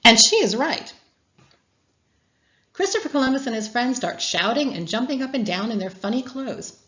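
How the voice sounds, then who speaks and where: A woman reading a children's story aloud as a guest speaker, with expressive storytelling. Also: on the high side, fairly quick, dull audio.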